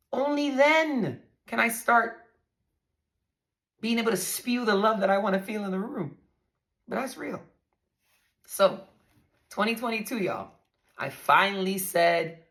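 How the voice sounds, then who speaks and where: A woman's voice: a little high, a little slow, vocal fry, pauses often, a bit bright. A woman hosting a podcast, telling her own story in a blunt, emphatic way and speaking straight to her listeners. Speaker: podcast host. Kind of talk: candid storytelling monologue.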